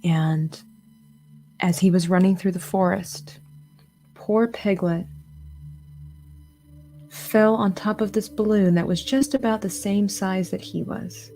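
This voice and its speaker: A woman streaming while she paints, chatting casually and retelling a children's story in an animated way. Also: medium pitch, slow pace, pauses often. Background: faint music.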